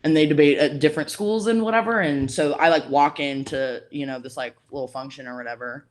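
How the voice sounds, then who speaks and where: A young woman talks casually as a podcast guest, leaning on "like" as she goes and slipping into the voices of the people in her story. Her manner is relaxed and conversational throughout. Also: low voice, a little fast, a little hiss or hum. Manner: chatty, heavy use of "like", acts out quoted voices. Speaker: podcast guest, college debater.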